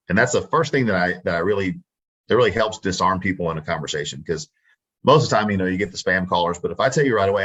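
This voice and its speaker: A man's voice: deep voice, racing, fairly bright tone, breathy edge, lo-fi sound. A Texan man, a real estate wholesaler, chatting confidently in an interview and acting out his phone scripts. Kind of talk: casual interview talk.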